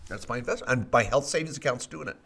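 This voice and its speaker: A man co-hosting a podcast, telling stories and joking in a casual, animated way. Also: medium pitch, fast talker, gravelly. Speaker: podcast co-host.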